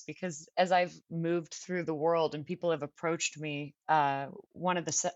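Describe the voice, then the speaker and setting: Californian woman co-host, chatty and self-mocking, lowish voice, dry dull recording. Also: dry recording. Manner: chatty, self-deprecating, laughs often. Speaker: actress, podcast co-host. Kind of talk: casual podcast chat.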